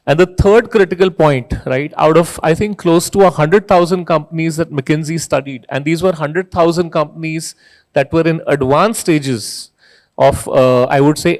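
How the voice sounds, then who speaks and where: Middle-aged man giving a keynote. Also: fairly high pitch. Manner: conversational, often adds "right?" to statements. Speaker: keynote speaker. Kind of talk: conference keynote. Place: conference hall stage.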